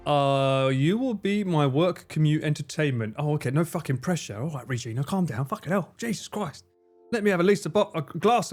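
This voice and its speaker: A man's voice: on the high side, darkish tone. A man hosting a casual livestream, reading viewer messages with lots of swearing and self-mocking jokes. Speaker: livestream host.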